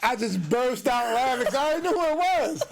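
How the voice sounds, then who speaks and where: A man who is a fighter, a guest on a podcast, telling stories in a relaxed way and often tacking "and whatnot" onto his sentences. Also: very high voice, quick pace, gravelly, slight background noise. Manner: laid-back storytelling, often says "and whatnot". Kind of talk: casual chat.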